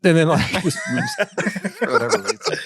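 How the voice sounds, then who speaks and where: Guy, flight paramedic on a podcast, super animated, big pitch swings, laughs a lot, dry close mic. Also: a little fast, breathy edge, no room sound. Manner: animated, acts out quoted voices, laughs often. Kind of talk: casual storytelling.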